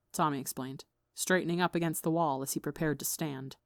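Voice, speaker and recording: A woman narrating a fan fiction story in an even, measured way. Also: deep voice, dry recording, clean studio sound. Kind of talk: audiobook reading of fan fiction.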